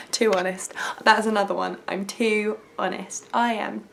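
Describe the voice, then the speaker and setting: A woman's voice: medium pitch, fairly even intonation, takes it slowly, gravelly, a bit bright, a little hiss or hum. A young woman vlogger chatting to camera, self-mocking and laughing often. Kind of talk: casual chat to camera.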